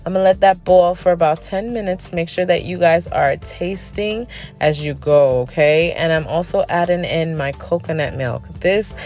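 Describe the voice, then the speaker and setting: Low-voiced chatty woman cooking vlogger. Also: normal speed, darkish tone, faint music behind. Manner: chatty, tags lines with "okay?" and "honey". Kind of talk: casual cooking voice-over.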